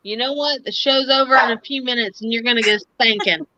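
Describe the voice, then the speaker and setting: A woman's voice: fairly high pitch, a little fast, muffled recording, very noisy. A woman hosting a live-stream psychic reading, relaying messages in a chatty way with lots of filler words. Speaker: psychic medium and host.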